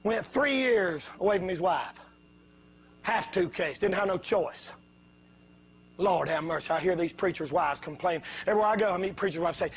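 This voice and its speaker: A male preacher with a strikingly high voice delivers a fiery revival sermon. He spins homespun stories and then climbs into shouted exhortations. The recording sounds dull and lo-fi. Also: sing-song, measured pace, husky. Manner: folksy storytelling that builds to shouting.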